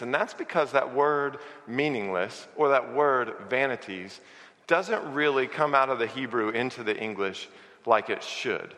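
Male pastor, lively conversational sermon, punchy bright tone, long hall reverb. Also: mid-range voice. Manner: animated, conversational teaching with humor. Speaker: preacher.

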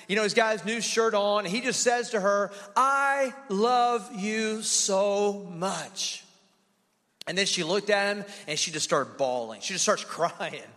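Energetic high-voiced pastor preaching in a hall. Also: male voice. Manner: energetic, call-and-response with congregation. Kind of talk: sermon. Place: church sanctuary. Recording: long hall reverb.

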